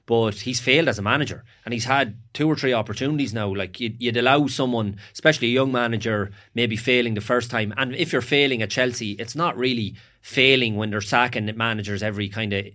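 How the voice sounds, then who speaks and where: A man's voice: medium pitch, brisk, few pauses, pushed and bright. A man with an Irish accent, a football pundit giving frank, opinionated takes in a casual chat. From Ireland.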